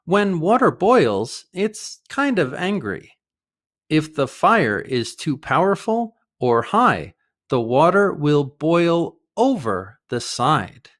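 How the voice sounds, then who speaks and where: An American man teaching English idioms in a clear, deliberate way, with short acted example dialogues. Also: a little high, very animated, a bit bright. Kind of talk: vocabulary lesson with acted dialogues.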